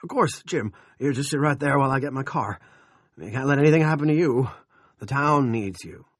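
A man's voice: mid-range voice, fairly quick, no echo, studio quality, voice pushed up, natural voice. A man voicing an anxious, loyal small-town helper who fusses in alarm. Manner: alarmed, fussing.

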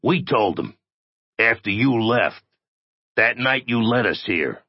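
A man voicing a hulking, resentful oddity with a rumbling, snarling delivery, raised in pitch above his narration. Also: expressive, slow pace, breathy edge, no room sound, dull audio. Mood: gloating.

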